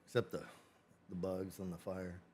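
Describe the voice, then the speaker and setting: A man speaking quietly and tersely in casual chat, mumbling and off the microphone. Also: deep voice, monotone, normal speed, slightly rough. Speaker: co-host guest. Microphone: off the mic.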